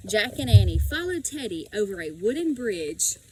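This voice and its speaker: A woman reading a children's storybook aloud in a slow, expressive way. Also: mid-range voice, slight background noise, poor audio. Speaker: audiobook reader.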